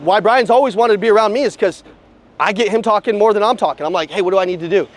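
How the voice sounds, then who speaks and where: A man's voice: high-pitched, fast talker. A man coaching new car salesmen outdoors at a dealership, blunt and profane, hammering them with rhetorical questions. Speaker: sales trainer. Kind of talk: live motivational sales coaching.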